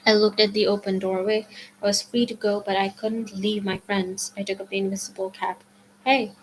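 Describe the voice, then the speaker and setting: A woman reading a novel aloud as a storyteller, steady, with some passages dropped to a whisper. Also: mid-range voice, a little fast, slight background noise, poor audio. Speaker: audiobook reader.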